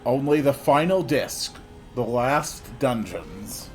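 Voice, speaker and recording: A man's voice: medium pitch, animated, slow pace, darkish tone, soft background music. A man hosting a let's play, giving casual, offhand gameplay commentary.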